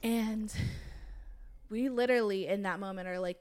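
A young woman casually recounting a scary night to friends, animated and full of fillers, swearing freely. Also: medium pitch, normal speed, smooth. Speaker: storyteller. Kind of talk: casual chat.

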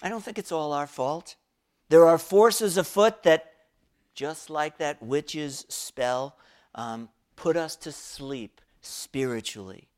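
A man preaching a reflective sermon, speaking in an unhurried, thoughtful way. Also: fairly high pitch. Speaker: pastor.

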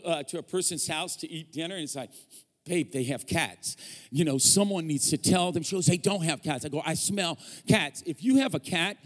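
A man preaching a sermon as a pastor, mixing jokes and stories with call-and-response to the congregation. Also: high-pitched. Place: large church hall. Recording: long hall reverb.

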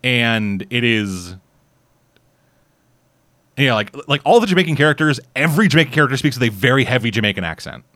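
A man's voice: mid-range voice, lively intonation, fairly quick, pauses often, fairly bright tone, no echo. A Canadian man casually reviewing a series in rambling, profane chat full of restarts. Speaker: podcast host reviewing a series.

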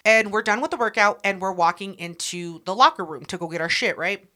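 A woman's voice: mid-range voice, brisk, sharp tone. A woman with a mid-range voice, chatting casually as a podcast co-host. She talks bluntly and brashly, with plenty of swearing. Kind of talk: casual chat.

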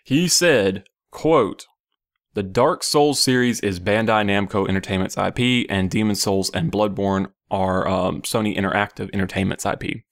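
A man's voice: fairly low pitch, moderate pace. A man hosting a casual gaming news podcast, loose and profane, who keeps breaking into laughter as he talks. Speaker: podcast host.

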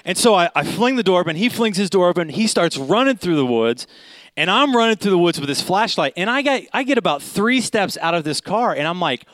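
Animated storytelling pastor, dry sound. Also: male voice, fairly high pitch, moderate pace, no room sound. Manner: animated, conversational, keeps asking "okay?". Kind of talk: storytelling sermon.

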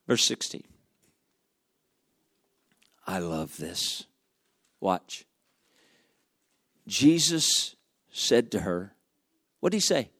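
A man preaching a sermon, dramatic and full of rhetorical questions, dropping to a hush and then rising loud again. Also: on the low side, sing-song, extremely slow, long pauses, slightly rough, no room sound, studio quality.

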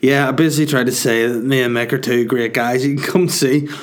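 A man's voice: medium pitch, steady tone, brisk. A man, getting over a cold, rambling through a sweary, self-mocking podcast monologue and laughing at his own jokes. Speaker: comedian hosting a podcast.

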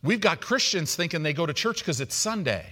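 Middle-aged pastor guy preaching, kinda high voice, acts out little quotes, super animated. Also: fairly quick. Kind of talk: sermon.

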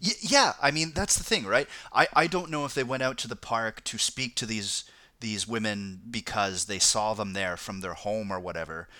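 A man's voice: on the low side, moderate pace, sharp tone, dry recording. A man hosting a casual podcast, chatting about news stories with frequent restarts and laughter. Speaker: podcast host reading news. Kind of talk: casual chat.

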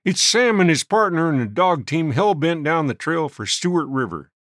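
A man's voice: a little high, very animated, moderate pace, fairly bright tone, no echo, studio quality, voice pushed up. A man voicing a miner reporting urgently from the doorway. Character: excited miner reporting from the door.

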